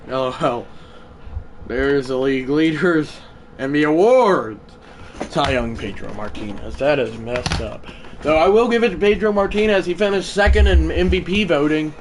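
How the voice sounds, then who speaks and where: A man livestreaming a baseball video game, chatting to viewers and shouting when big hits land. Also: on the high side, normal speed, slight background noise. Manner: excitable, swings from mumbled asides to shouted play calls. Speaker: gaming livestreamer. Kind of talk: live gameplay commentary.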